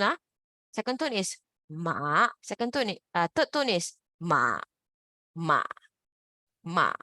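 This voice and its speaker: A woman's voice: medium pitch, a bit bright, dry recording. A woman teaching an online Mandarin class, drawing out each tone in big swoops and leading repeat-after-me drills. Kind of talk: online language lesson.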